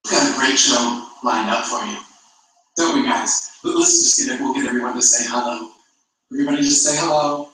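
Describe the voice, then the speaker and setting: A man's voice: medium pitch, fairly quick, bright, forceful tone, a little hiss or hum, close to an everyday voice. A man mocking another man as a boastful, crude vlogger with a swaggering delivery. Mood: cocky. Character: brash, boastful male vlogger, mocking parody. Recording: echoey room, far from mic.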